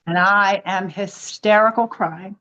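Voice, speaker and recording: American woman telling an animated story. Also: mid-range voice, a little slow, muffled recording, slight background noise. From United States. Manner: animated storytelling, acts out quoted voices. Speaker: podcast guest. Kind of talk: personal storytelling.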